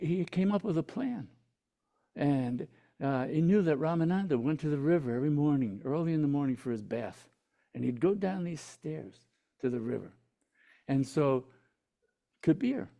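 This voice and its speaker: Gravelly, lively male spiritual teacher. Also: on the high side. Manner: storytelling, checks in with listeners by asking "hmm?". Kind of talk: satsang teaching talk.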